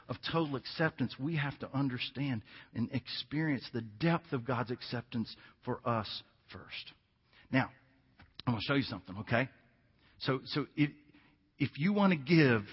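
Husky high-voiced pastor in his fifties. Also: in a large hall, muffled recording. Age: 50s. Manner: conversational storytelling with emphatic repetition. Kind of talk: sermon.

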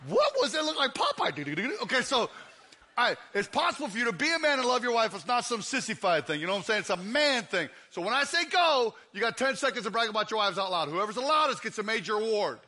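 A man preaching a humorous sermon, loud and teasing the congregation. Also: high-pitched, big pitch swings, fast. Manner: loud, joking, teasing the crowd. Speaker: guest preacher.

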